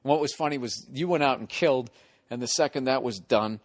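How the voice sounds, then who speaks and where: Recorded dry with studio quality, a mid-range male voice moves a little fast. The speaker, a Boston comedian in his forties, tells stand-up stories casually, cursing freely and animatedly impersonating the people involved, hecklers yelling included.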